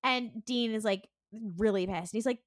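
A woman co-hosting a podcast, recapping an episode in a casual, animated way, full of fillers and acted-out lines. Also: measured pace, dry recording, clean studio sound. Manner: animated retelling with many fillers; acts out the characters' lines with sudden jumps in pitch. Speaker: podcast co-host.

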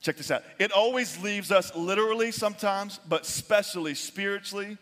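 High bright-voiced preacher in a hall. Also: male voice, a little fast. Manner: animated preaching, drops to near-whispers for emphasis. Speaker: pastor. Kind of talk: sermon. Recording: long reverb of a large hall.

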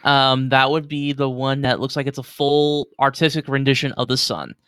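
Man, game master, smooth clear voice, dry sound, loose rambling narration. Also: mid-range voice, little pitch movement, normal speed, fairly bright tone, no room sound. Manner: loose, filler-heavy narration.

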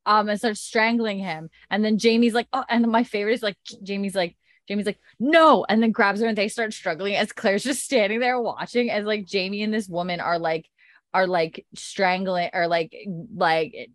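A woman's voice: mid-range voice, steady tone, moderate pace, dry recording, clean studio sound. A woman chatting casually as she recaps a TV episode, animating the characters' lines and swearing freely. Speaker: show recapper.

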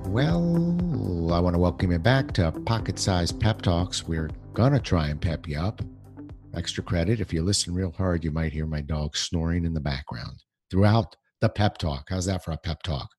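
A man's voice: low-pitched, animated, moderate pace, darkish tone, husky, soft background music. A man hosting a solo motivational podcast from home, speaking conversationally with plenty of fillers and restarts. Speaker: podcast host.

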